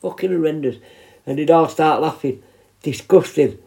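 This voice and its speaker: This prison healthcare worker in his 50s has a slightly high, creaky voice with a darkish tone and speaks at normal speed. His casual storytelling is rambling and sweary, with lots of restarts.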